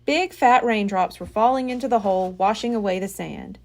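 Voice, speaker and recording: A woman reading a children's chapter book aloud as a library storyteller, expressive and unhurried. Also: medium pitch.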